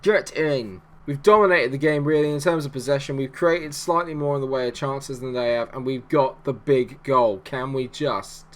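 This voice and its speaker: A man, a gaming YouTuber, commentating live on his own match in a jokey, excitable way and breaking into shouts when his side scores. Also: mid-range voice, moderate pace, few pauses.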